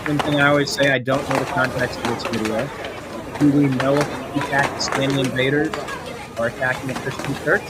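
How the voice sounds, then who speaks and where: A man runs a political reaction stream in his everyday voice, neither high nor low. He is combative and sarcastic. He talks back to the clips he plays. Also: little pitch movement, a little fast, over a noisy crowd, heavy background noise. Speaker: political commentary host. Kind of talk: livestream reaction commentary.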